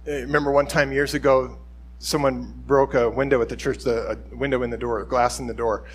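A man's voice: mid-range voice, little pitch movement, fairly quick, husky. A middle-aged man, a pastor, giving an informal, conversational sermon and acting out quoted speech along the way.

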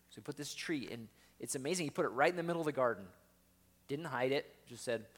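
A man's voice: mid-range voice, lively intonation, quick pace. A man preaching a sermon in a conversational way, often asking his listeners questions.

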